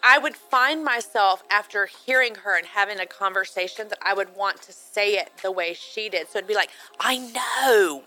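A woman co-hosting a casual chat, sharing facts in a relaxed, informative way. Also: mid-range voice, normal speed, hardly any pauses, faint music behind, poor audio. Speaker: co-host.

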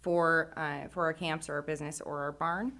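A woman's voice: low-pitched, fairly even intonation, moderate pace, sharp tone. A woman who runs a riding academy and youth camps, explaining her programs as a guest on a radio talk show in a friendly way.

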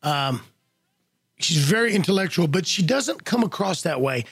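A man hosting a community radio show, his voice set high and gravelly with some rasp in it. He talks to listeners in a folksy, joking way. The studio sound is dry, with faint music underneath. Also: animated, normal speed, dry recording. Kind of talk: casual radio talk. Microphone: studio microphone.

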